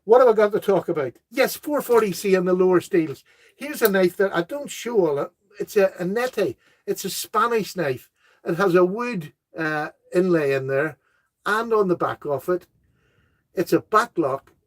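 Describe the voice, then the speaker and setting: High-voiced enthusiastic man. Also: expressive, moderate pace. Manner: enthusiastic, rambling, reads out viewer comments. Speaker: host of a knife live stream. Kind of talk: casual live-stream chat.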